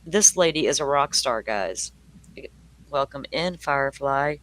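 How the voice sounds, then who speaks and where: Animated and unhurried, this older Southern US man has a mid-range, slightly bright voice, with a little hiss or hum on the recording. He hosts a true crime livestream, chatting casually with viewers, laughing often and naming them as he greets them.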